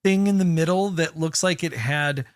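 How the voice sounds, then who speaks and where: A man chats casually on a podcast with a slightly higher voice than most. He talks in a loose, rambling way and breaks into short goofy impressions. The sound is dry and close to the mic. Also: normal speed, dry recording. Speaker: podcast co-host. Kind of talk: casual movie-review chat.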